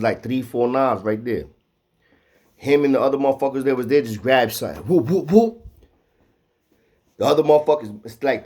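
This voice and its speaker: A man telling a profane, animated street story, acting out the quotes. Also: medium pitch, breathy edge.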